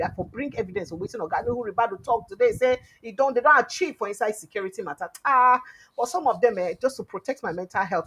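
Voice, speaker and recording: A woman from Nigeria with a Nigerian Pidgin English accent, giving animated news commentary on her vlog with exclamations and wry asides. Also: medium pitch, husky, low-quality recording. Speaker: news vlogger.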